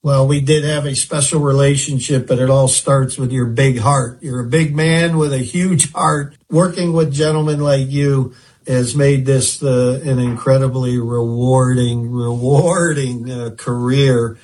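A man interviewing a former pitcher, speaking in a measured way with a few fillers. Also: fairly even intonation, a little mellow, slightly rough. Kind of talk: interview questions.

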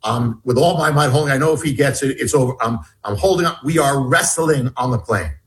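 Slightly fast and medium in pitch, a man who is an author shares a personal story as an interview-show guest. He delivers it forcefully, now raising his voice, now dropping to a hush.

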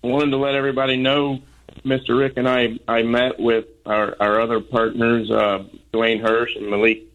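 A man's voice: mid-range voice, flat delivery, moderate pace, a bit bright, highs cut off. A man calling in to a talk show, polite and formal, addressing the others as "Mister". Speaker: caller and business partner.

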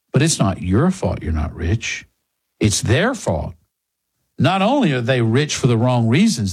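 Sarcastic husky-voiced male commentator. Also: medium pitch, big pitch swings, measured pace, a little mellow. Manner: sarcastic, mocking. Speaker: political commentary host. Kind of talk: opinion monologue.

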